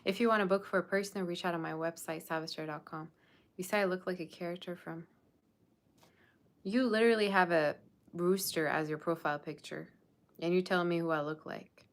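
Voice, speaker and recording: Her voice is fairly low with fairly even intonation, and she talks a bit quickly. This young woman, a tarot reader hosting a livestream, casually chats and trades sassy, teasing remarks with her chat.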